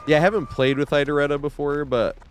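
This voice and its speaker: A man's voice: a little high, steady tone, quick pace, soft background music. A man streaming live gameplay, rambling in casual commentary, swearing and laughing often. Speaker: game streamer.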